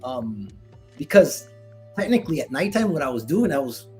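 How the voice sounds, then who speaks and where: A middle-aged man, a retired Marine veteran, telling a story in casual conversation, animated and acting out dialogue with many restarts. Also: mid-range voice, normal speed, soft background music.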